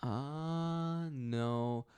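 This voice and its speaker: A man's voice: mid-range voice, very slow, darkish tone, clean tone. A man co-hosting a podcast, joking in a laid-back way and often restarting his sentences. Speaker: podcast co-host. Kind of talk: casual chat.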